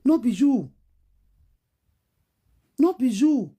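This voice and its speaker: A woman's voice: high-pitched, expressive, extremely slow, mellow, slightly rough. A Nigerian woman in her forties with a Nigerian Pidgin accent, ranting casually in a preachy, scolding way and firing rhetorical questions. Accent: Nigerian Pidgin English. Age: 40s. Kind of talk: animated casual rant.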